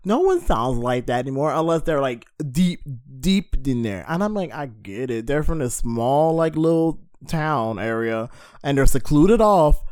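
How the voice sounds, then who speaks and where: A man's voice: a little high, big pitch swings, a little slow, darkish tone, clear, resonant tone, no echo, studio quality. A man co-hosting a podcast, chatting casually about a movie with lots of fillers and laughs. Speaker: podcast co-host.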